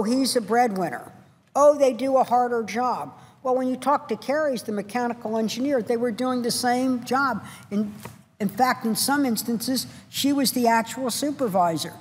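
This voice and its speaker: A woman's voice: on the high side, a little mellow, husky. A woman senator giving an impassioned, emphatic floor speech in a large legislative chamber, hammering home short repeated phrases. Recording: long reverb of a large chamber.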